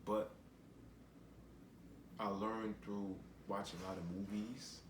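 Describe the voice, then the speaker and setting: A man's voice: on the low side, level tone, takes it slowly, roomy sound, noisy background. A man giving a rambling, preachy commentary monologue while sitting in a chair at home. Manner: rambling and preachy, with repeated phrases. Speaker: vlogger.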